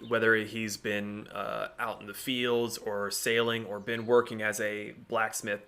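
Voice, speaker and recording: A man's voice: on the low side, little pitch movement, a little slow, sharp tone, slight background noise. A man narrating as game master of a tabletop game, laughing often as he describes scenes.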